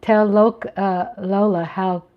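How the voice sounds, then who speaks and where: A middle-aged woman hosting a casual livestream from home, chatting with viewers, reading their comments aloud, laughing often and sometimes dropping into a hushed whisper. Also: mid-range voice, fairly even intonation, slow pace, dull audio. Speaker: livestream host. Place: home, at night.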